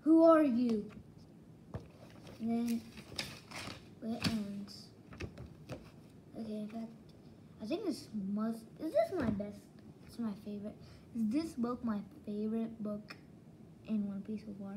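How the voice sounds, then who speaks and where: Woman, casual manga review, slow rambling delivery, mellow tone, lots of restarts. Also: on the high side, a little hiss or hum, low-quality recording. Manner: rambling, excitable retelling with many restarts. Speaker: book reviewer.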